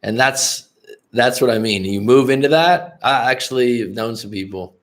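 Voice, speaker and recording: A man's voice: medium pitch, moderate pace. A man hosting a casual livestream as a life coach, rambling and swearing freely while talking to viewers in the chat. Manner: rambling, profane, addresses chat viewers directly.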